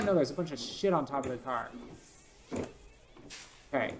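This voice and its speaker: A man's voice: medium pitch, animated, normal speed, long pauses, a bit bright, faint music behind. A man giving casual gameplay commentary, rambling with lots of fillers and restarts, often frustrated. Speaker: gaming video host.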